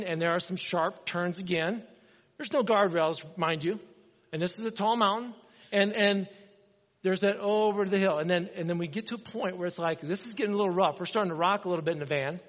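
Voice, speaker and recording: Man, middle-aged pastor, sermon storytelling, animated, high voice, long hall echo. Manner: animated, acts out dialogue in his stories. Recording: dull sound with long hall reverb.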